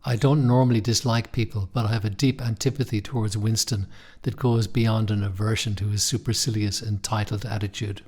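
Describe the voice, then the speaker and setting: A young man narrating a first-person story in a measured, wry way. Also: on the low side, fairly even intonation, darkish tone, husky. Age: young adult. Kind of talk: scripted audiobook narration.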